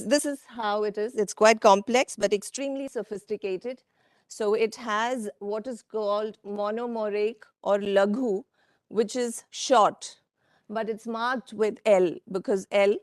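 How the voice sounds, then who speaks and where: A woman giving a workshop presentation from slides, speaking in a measured way with frequent fillers and asides to the audience. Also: mid-range voice, no room sound, studio quality. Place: conference room.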